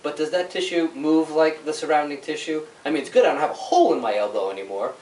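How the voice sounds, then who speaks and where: A man's voice: fairly high pitch, fast. A male chiropractor giving an informal health workshop to a small audience in an office, talking conversationally and checking in with "right?" often. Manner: animated storytelling with sound effects. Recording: echoey room, mic at a distance.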